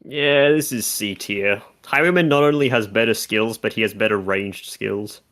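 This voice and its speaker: A man's voice: fairly low pitch, normal speed, fairly bright tone. A man co-hosting a casual video game discussion, talking through stats and mechanics in detail. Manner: analytical, talks through game numbers. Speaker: content creator co-host.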